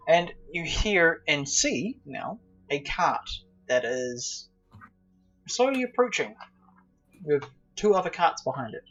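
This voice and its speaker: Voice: mid-range voice, sing-song, slow, fairly bright tone, soft background music. Stammering game master, dull lo-fi sound. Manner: stammering, chuckling. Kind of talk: narrating a tabletop game. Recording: slightly dull lo-fi audio.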